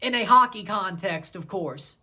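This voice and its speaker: A woman in her thirties hosting a casual sports review vlog, excitable and rambling, correcting herself as she goes. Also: medium pitch, unhurried. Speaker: sports channel host.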